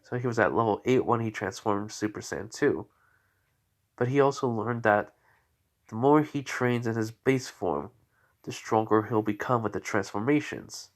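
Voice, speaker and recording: A man's voice: on the low side, moderate pace. A tired man casually telling an unscripted fan story, rambling and correcting himself with many fillers. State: tired, yawning.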